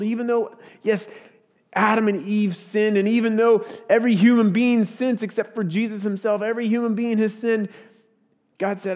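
A man with a high voice preaches as a pastor. He tells his stories with animated delivery and acts out their voices. His voice reverberates through a large church hall. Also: normal speed. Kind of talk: sermon.

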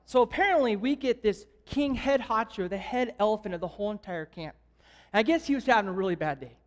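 A man preaching a sermon as an evangelist, telling a jokey story in an animated way and asking the crowd questions. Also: high voice. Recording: long hall reverb.

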